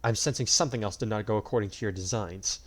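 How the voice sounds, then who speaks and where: A man voicing an angry young male swordsman hero in a fan audio story, with a cold, defiant, sharp-edged delivery. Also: lowish voice, quick pace. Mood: furious.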